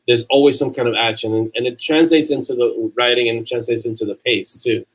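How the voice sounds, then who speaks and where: Over poor audio, a New York–accented livestream host speaks briskly in a husky, medium-pitched, steady voice. He reads out comments from chat and replies in a chatty, casual way.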